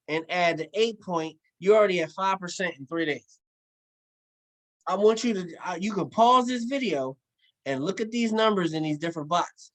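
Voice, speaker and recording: A man with a notably high voice delivers a loose, animated sales talk. He repeats his key phrases and drifts into slang. He sounds middle-aged, walking viewers through figures on a screen. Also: rough recording. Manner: animated, repetitive, slangy storytelling. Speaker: presenter of an investment program. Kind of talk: casual sales pitch with screen walkthrough.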